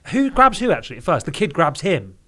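Fast-talking British man chatting about a film. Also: on the high side, wildly swooping pitch, a bit bright. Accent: British English. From Britain. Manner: laughs often, chatty, tag questions. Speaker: podcast co-host. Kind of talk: casual film chat.

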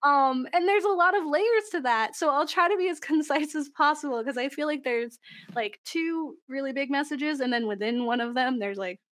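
Here a young, high-voiced woman chats on a podcast in a relaxed, loose way, keeping a moderate pace. Lively and quick to laugh, she lets her sentences ramble, filled with likes and ums.

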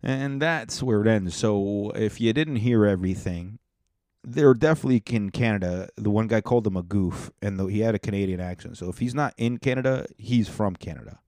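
Podcast guy riffing on clips, low mellow voice, swears a lot, dry sound. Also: a little fast, dry recording. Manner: profane, laid-back, chuckling. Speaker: podcast host. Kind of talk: casual reaction commentary.

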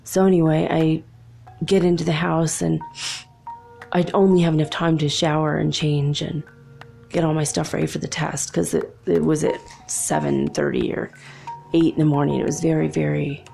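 A woman's voice: low voice, little pitch movement, normal speed, vocal fry, warm tone, soft background music. A young adult woman telling a personal story in a casual, chatty way, laughing often between remarks.

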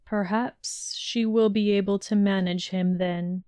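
Woman reader doing a cold professor: slow, thick, condescending, clean dry read. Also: medium pitch, steady tone, warm tone, clean tone, no room sound, lightly acted. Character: cold condescending middle-aged male professor. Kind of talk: fan fiction audiobook reading.

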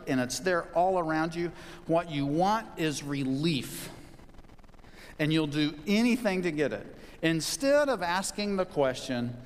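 A man's voice: on the high side, long reverb tail, a little hiss or hum. A man preaching a sermon as a pastor, emphatic, repeating key phrases for stress.

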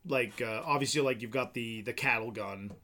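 A man's voice: medium pitch, normal speed, pushed and bright. A man co-hosting a podcast, chatting casually about movies, rambling with lots of fillers and restarts. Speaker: podcast co-host. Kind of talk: casual film chat.

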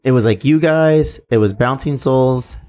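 A man's voice: medium pitch, measured pace, warm tone. A man with an ordinary mid-range voice hosts a loose conversation. He tells stories eagerly and swears in passing. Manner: eager, chatty fan, swears casually. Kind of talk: casual chat.

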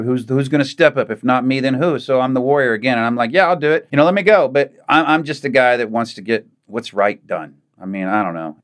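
A middle-aged man talks candidly as a podcast guest. He is blunt and plain-spoken, earnest and direct, and his voice sits in an ordinary middle range. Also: medium pitch. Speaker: guest, combat veteran.

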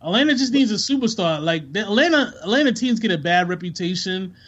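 A man's voice: sits high, expressive, fast talker, a bit bright. Slangy laid-back man on a lo-fi mic. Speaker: podcast co-host. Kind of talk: casual sports chat. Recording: dull lo-fi sound.

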